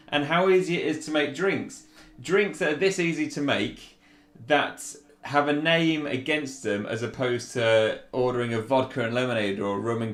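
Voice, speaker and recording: Chatty man, echoey room. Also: mid-range voice. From Yorkshire, England. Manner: chatty and relaxed, with fillers and restarts. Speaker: bartender host. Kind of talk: casual cocktail demonstration.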